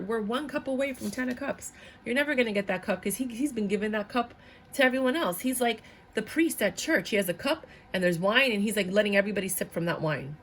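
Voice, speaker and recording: A woman's voice: mid-range voice, a little hiss or hum. A young adult woman giving a tarot reading, speaking bluntly and animatedly. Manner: animated, blunt, slips into voices of others. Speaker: tarot reader.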